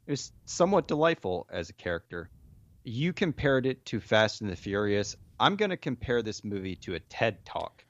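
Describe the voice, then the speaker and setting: A man's voice: on the low side, sing-song, normal speed, fairly bright tone, no echo, lo-fi sound. A young man co-hosting a podcast, dry and wisecracking. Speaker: podcast co-host. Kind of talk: casual podcast chat.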